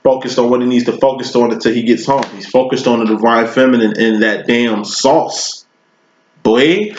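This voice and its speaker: A man gives a casual tarot reading in a loose, profane, slangy style, wandering through long analogies as he goes. His voice sits at a middling pitch. The sound is roomy and a little dull, like a lo-fi home recording. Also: fairly even intonation, normal speed, slight background noise. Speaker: tarot reader.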